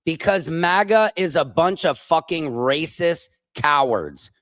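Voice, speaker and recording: A male comedian fronts his own show with a furious, profane tirade. He speaks slowly and leans on every word, his voice sitting a little high. The sound is dry and close. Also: animated, a bit bright, dry recording. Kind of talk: angry political rant on a stream.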